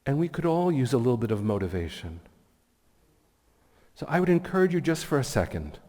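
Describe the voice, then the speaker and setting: A man's voice: mid-range voice, very animated, a little fast, dark tone. Earnest man speaking in an echoey hall. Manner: heartfelt, earnest storytelling. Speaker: guest speaker at a community meeting. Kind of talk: inspirational speech with personal stories. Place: community event hall.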